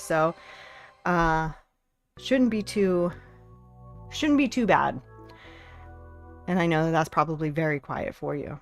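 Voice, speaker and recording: Chatty woman streamer, faint lo-fi music. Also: lowish voice. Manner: chatty, thinks aloud while setting things up. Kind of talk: casual chat.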